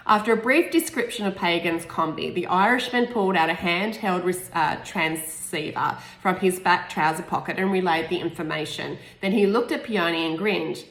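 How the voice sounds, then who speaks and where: Woman reading her novel aloud, low and echoey. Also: normal speed, fairly bright tone. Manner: unpolished reading with restarts and asides. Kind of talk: informal audiobook reading. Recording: echoey room.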